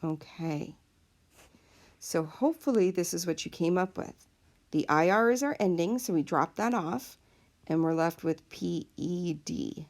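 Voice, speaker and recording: A woman's voice: fairly low pitch, animated, a little slow. A woman teacher explaining a lesson patiently, step by step, in a recorded classroom video. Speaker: Spanish teacher.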